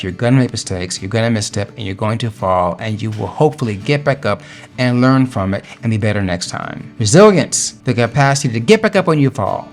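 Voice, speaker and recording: A man earnestly talking through personal affirmations in a motivational vlog, encouraging and emphatic. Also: fairly low pitch. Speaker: vlogger sharing affirmations. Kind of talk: motivational talk to camera.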